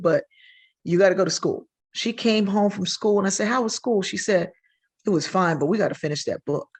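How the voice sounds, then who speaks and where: An older woman, a sociologist guest on a podcast, telling stories with energy and acting out the voices she quotes. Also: medium pitch. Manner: animated, acts out quoted voices. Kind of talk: storytelling in a podcast interview.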